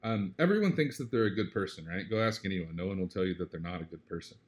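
Low-voiced man, earnest and reflective. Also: quick pace. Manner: reflective, earnest, often asks "right?"; animated when retelling a story. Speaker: interview guest. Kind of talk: casual conversational interview.

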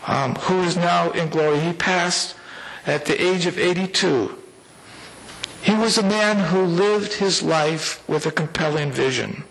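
A middle-aged man preaching a sermon as pastor. He builds phrases with rising emphasis and slows down to a weighty close at the end of lines. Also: on the high side, a bit bright, rough recording. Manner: preaching with swelling emphasis and slow, weighty endings.

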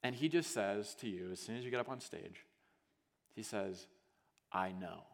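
A male pastor preaching a sermon as a vivid story, acting out scenes and swinging from hushed to loud, with lots of casual "like" fillers. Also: on the low side, animated, normal speed. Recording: long hall reverb.

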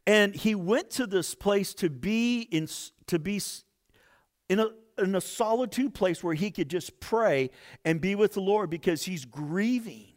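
Animated, unhurried male preacher. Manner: expressive, rises for emphasis and drops low to a hush. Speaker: pastor. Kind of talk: sermon.

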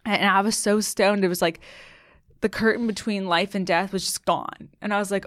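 A young woman in her twenties telling a personal story in casual chat, animated and full of filler words, acting out what people said. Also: lowish voice, moderate pace, no room sound, studio quality. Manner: animated, lots of "like", acts out quotes. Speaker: guest.

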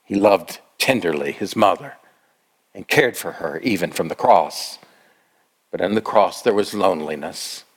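Slow, emotive male preacher. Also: low voice, animated. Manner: emotive storytelling, slow with sudden rises. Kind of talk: dramatic sermon monologue.

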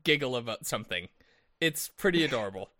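A man's voice: mid-range voice, expressive, fairly quick, bright, forceful tone. A man co-hosting a podcast, teasing the others and laughing often. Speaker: podcast co-host. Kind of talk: casual chat.

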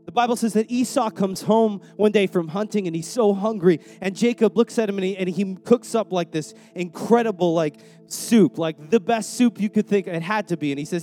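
Young guy preaching, high voice but mellow, casual and slangy, faint music behind. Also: fairly quick, few pauses. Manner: conversational, repeats words, slangy. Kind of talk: sermon.

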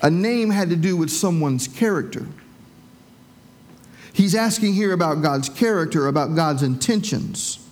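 A man's voice: a little high, lively intonation, measured pace. A man preaching a sermon as pastor, telling the story in a conversational way with folksy asides.

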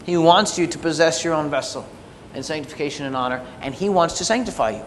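A man preaches with a fairly high, emphatic voice that rises and pushes on key words. His voice rings out with a long reverb in a church sanctuary. A faint low rumble sits underneath. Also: fast talker. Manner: animated, emphatic preaching, quieter closing prayer. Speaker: pastor. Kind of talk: sermon.

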